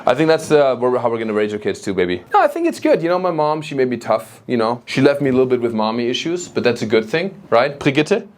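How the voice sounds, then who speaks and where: A man from Germany with a German accent doing stand-up crowd work, animated and teasing, live on a club stage. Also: mid-range voice, quick pace, few pauses. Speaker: stand-up comedian. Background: audience laughter.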